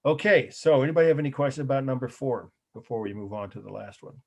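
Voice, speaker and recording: A man's voice: medium pitch, animated, quick pace, gravelly. A middle-aged man teaching a college art history class, talking loosely to students and correcting himself as he goes. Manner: rambling, self-correcting, conversational. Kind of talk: live class lecture.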